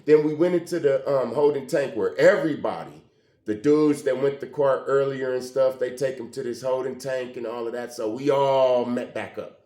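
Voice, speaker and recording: A man telling a personal story in a casual, animated way, often acting out the dialogue. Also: medium pitch, normal speed. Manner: animated, conversational, acts out quoted dialogue. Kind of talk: emotional storytelling monologue. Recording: roomy echo.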